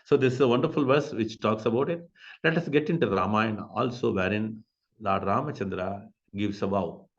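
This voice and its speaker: A man giving a devotional scripture class, slowly explaining Sanskrit verses and asking rhetorical questions. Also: fairly low pitch, highs cut off. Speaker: class speaker.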